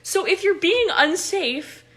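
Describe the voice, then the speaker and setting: A woman's voice: extremely high pitch, animated, slow, a bit bright. A young woman talking casually on a phone livestream as an improv coach, chatty, with many fillers and frequent laughs.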